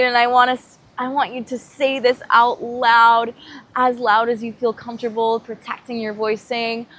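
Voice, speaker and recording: A woman coaching vocal embodiment, leading a guided meditation in a soft, gentle voice with slow affirmations that sometimes swell into loud chanting. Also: a little high, little pitch movement, low-quality recording.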